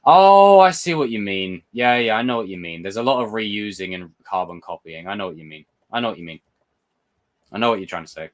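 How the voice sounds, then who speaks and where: A young man hosting a live chat, excitable and swearing, answering viewer comments. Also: deep voice, quick pace. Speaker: livestream host reviewing a TV episode. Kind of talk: casual live reaction chat.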